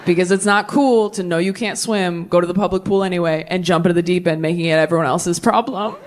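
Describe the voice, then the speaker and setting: Young woman doing stand-up on a club stage, lively delivery, squeaky voices for the bits, bit of faint noise behind. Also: quick pace. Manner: animated, jumps into high-pitched character voices. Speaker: stand-up comedian. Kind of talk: stand-up set. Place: comedy club stage with audience laughter.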